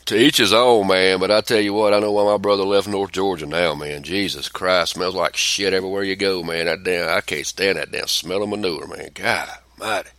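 A middle-aged man with a drawl chats casually on a podcast, his low voice carrying a bright, forceful edge. He is blunt and profane and rambles from story to story. The sound is close and dry. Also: steady tone, a little fast, hardly any pauses, no echo. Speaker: podcast co-host. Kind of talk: casual chat.

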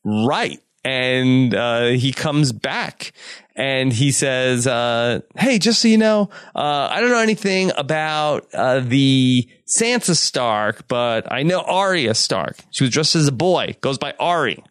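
A man's voice: mid-range voice, expressive, a bit bright, clean tone, no echo, studio quality. A man co-hosting a podcast, chatting casually and wryly as he recaps a TV episode, slipping into short quoted lines from the scenes. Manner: chatty, wry, paraphrases scenes in quick quoted bits. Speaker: podcast co-host.

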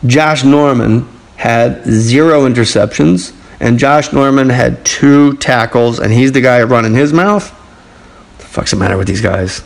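A man's voice: medium pitch, unhurried, creaky, low-quality recording. A man hosting a comedy podcast, profane and wisecracking, ranting about sports and reading listener mail. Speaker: podcast host. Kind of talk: casual comedic sports rant.

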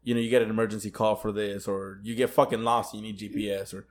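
A man's voice: lowish voice, flat delivery, fast talker. A young man co-hosting a podcast in casual chat, laid-back and swearing, with plenty of fillers. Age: young adult. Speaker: podcast co-host.

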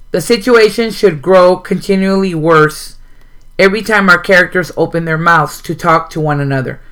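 A man's voice: a little high, bright, forceful tone. A man hosting a show who reads passages from a writing guide aloud and adds short asides, with occasional ums. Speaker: host reading a writing guide. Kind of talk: reading a book aloud with comments.

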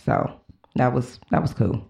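Chatty woman with a lively voice. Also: very deep voice, unhurried, gravelly. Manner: chatty storyteller with frequent fillers. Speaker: podcast co-host. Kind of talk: casual chat.

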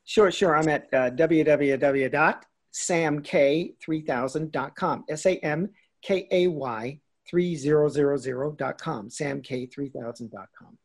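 An older man, a guest actor, chatting casually in an interview and telling animated stories. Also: fairly high pitch, a little slow, gravelly. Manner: animated storyteller, acts out quoted lines with laughs.

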